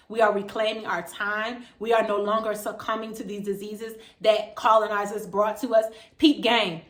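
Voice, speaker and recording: A vegan vlogger from Maryland, USA, talks straight to camera with a Washington D.C. area accent and a fairly high, bright voice, animated and emphatic. She keeps it casual and slang-heavy, and there's noticeable room echo.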